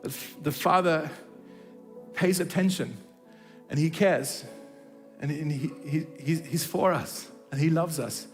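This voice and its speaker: A man's voice: fairly high pitch, unhurried, big-room sound, soft background music. A man preaching a sermon, telling a story and acting out its dialogue, with frequent restarts. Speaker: pastor. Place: church hall.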